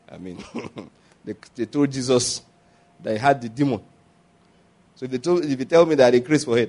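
A pastor preaches in a bright, high-pitched voice. He tells stories with animation, imitating the people he quotes and laughing between his points.

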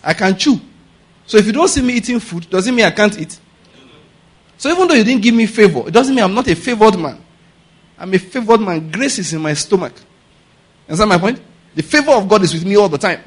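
A man's voice: high voice, expressive, a little fast, long pauses, breathy edge. A male pastor preaching a conversational sermon, asking rhetorical questions and laughing between points.

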